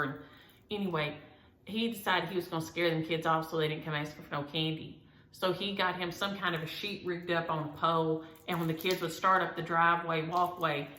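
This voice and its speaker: Low, bright-voiced woman. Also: reverberant. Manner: rambling, homespun storytelling. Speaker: cross-stitch vlogger. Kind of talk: casual chat to viewers.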